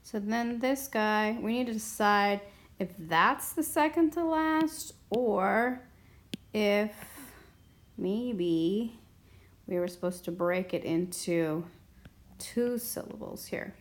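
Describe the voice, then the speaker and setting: A woman's voice: medium pitch, slow pace. A woman teaching a language grammar lesson at a whiteboard, patient and explaining step by step. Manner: patient, explains step by step, often asks "okay?". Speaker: Spanish teacher.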